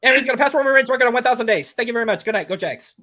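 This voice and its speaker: A man doing a frantic high-pitched promoter impression. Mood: manic. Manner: rapid-fire, high and excited.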